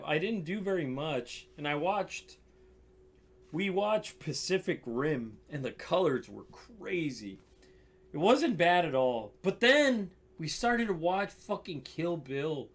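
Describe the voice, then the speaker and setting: A man's voice: a little high, vocal fry, a bit bright. A young man casually telling a rambling, profane story on his stream, with lots of fillers and restarts.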